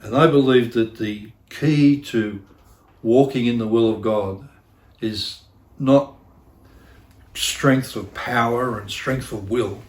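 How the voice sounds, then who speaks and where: A man's voice: medium pitch, slow, long pauses, roomy sound. A middle-aged man preaching a sermon as pastor, earnest and repeating key phrases for emphasis, with self-deprecating asides. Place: church.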